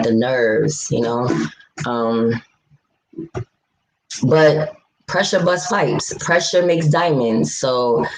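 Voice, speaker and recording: Her voice is very deep, and the low-quality recording has slight background noise. A mother of young children and a vlogger from New York City, she chats casually on a livestream, reading out viewers' comments in fast, animated rants that are blunt, outspoken and often profane.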